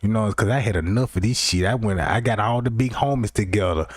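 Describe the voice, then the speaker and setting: A man's voice: on the low side, brisk, no room sound, studio quality. A man hosting a livestream, rambling through a profane comic rant and constantly checking in with his listeners. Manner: rambling, keeps asking "you know what I'm talking about". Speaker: livestream host.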